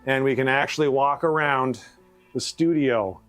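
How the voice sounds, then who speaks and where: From his home studio, a man from Canada hosts a relaxed live stream, cheerfully greeting viewers and reading out their comments. His voice is medium-pitched, fairly bright, and at normal speed, recorded on a shotgun mic with soft background music.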